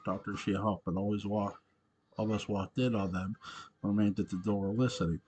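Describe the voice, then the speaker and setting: A man reading a story aloud in a halting way, often stumbling over words. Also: on the low side, little pitch movement, darkish tone, a little hiss or hum. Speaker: reader of fan fiction. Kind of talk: amateur book reading.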